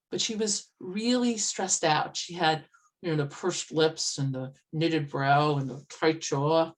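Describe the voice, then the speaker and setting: A woman life coach speaks earnestly to an online meetup over a video call, with a notably low-pitched voice. She tells stories conversationally and with vivid detail. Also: unhurried. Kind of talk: storytelling talk at an online meetup. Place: old farmhouse, indoors.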